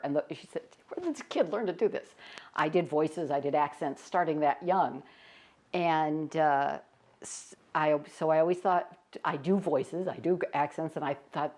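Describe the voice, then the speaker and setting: A woman's voice: low voice, a little mellow. An older woman, a stage performer, telling stories in a casual interview and laughing often as she talks.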